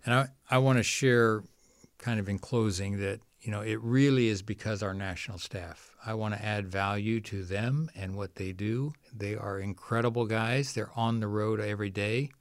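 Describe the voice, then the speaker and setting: Rambling storyteller man, low voice. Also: moderate pace, no echo, studio quality. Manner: rambling anecdotal storytelling, quotes others. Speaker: guest, founder of a water nonprofit. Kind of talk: storytelling in a podcast interview.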